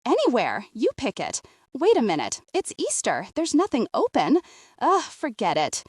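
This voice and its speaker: A woman's voice: a little high, wildly swooping pitch, moderate pace, a little mellow, slightly rough, no room sound, studio quality, exaggerated voice. A woman voicing a desperate 60-year-old former beauty queen who pleads anxiously. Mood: pleading.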